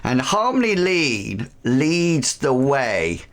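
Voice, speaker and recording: Man as game master, slow and halting delivery. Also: mid-range voice, big pitch swings. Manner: halting, lots of fillers. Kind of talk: narrating a tabletop game.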